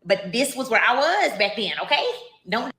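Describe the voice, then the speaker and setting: A woman's voice: fairly high pitch, lively intonation, moderate pace, a bit bright. A woman reading entries from her old diary aloud, breaking off for chatty asides to her listeners. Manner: chatty, addresses listeners as y'all. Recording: echoey room.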